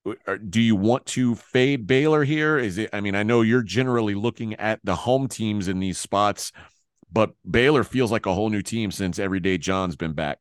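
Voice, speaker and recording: A man's voice: on the low side, moderate pace, clear, resonant tone, no room sound, clean studio sound. A man hosting a sports betting podcast, talking in a loose, rambling way and often correcting himself. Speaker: podcast host. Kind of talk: casual sports betting chat.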